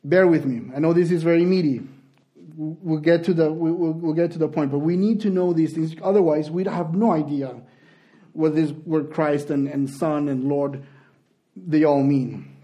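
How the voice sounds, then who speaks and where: Warm-voiced man teaching a sermon. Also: fairly high pitch, fairly even intonation, moderate pace. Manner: explanatory, with frequent restarts. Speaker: preacher.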